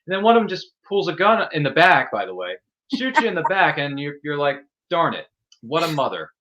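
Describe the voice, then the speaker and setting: Man, interviewer host, eager fan, rapid speech, muffled low-fidelity audio. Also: huge pitch swings, sharp tone. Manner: eager fan asking long, rambling questions. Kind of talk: casual interview. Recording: dull lo-fi audio.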